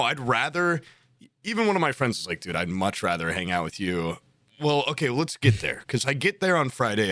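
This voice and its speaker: A young man in his twenties tells a rambling story on a casual podcast, his pitch leaping around as he acts out the quotes. The sound is close and dry, with no room around it. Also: a bit bright, no room sound. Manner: rambling, filler-heavy storytelling with acted-out quotes. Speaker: podcast co-host.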